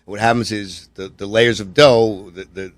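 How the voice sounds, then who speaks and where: Man, chef guest, low voice, friendly, joking, dry studio. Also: steady tone, moderate pace, dry recording. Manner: friendly, joking, explains patiently. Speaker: chef and restaurant owner. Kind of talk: casual studio chat. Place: radio studio.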